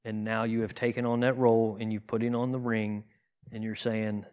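A man's voice: fairly low pitch, little pitch movement, normal speed, darkish tone. A man giving a conversational sermon, earnest and plain-spoken, asking rhetorical questions and often restarting his sentences. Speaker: teacher in a congregation.

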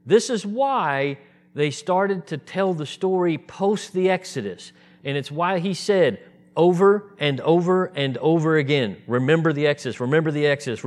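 A man preaching a sermon, animated and acting out the voices of the people in his story. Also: fairly high pitch. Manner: animated, acts out voices in quotes.

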